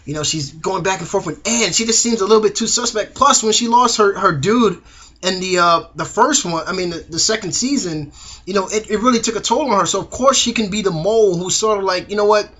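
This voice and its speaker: A man's voice: sits high, brisk, a bit bright. A young man reviewing a TV episode in a casual, slangy way, acting out the characters' lines.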